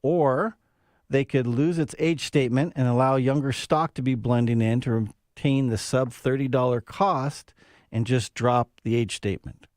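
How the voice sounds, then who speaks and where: A man's voice: medium pitch, steady tone, moderate pace, darkish tone, no room sound, studio quality. A man co-hosting a radio show, telling a playful story and reading a whiskey segment. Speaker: whiskey review co-host. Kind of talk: casual radio banter with read-out segment.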